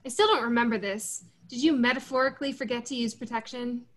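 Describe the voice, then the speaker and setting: A woman's voice: fairly high pitch, fairly even intonation, fast, fairly bright tone. Teasing, wisecracking woman. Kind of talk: scripted comedic banter.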